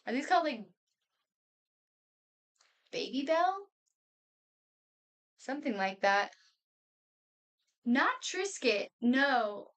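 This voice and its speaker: A woman's voice: high-pitched, big pitch swings, extremely slow, long pauses. Woman streamer, twenties, casual rambling chat, home room, slightly far from mic. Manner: rambling, chatty, laughs often, talks while eating.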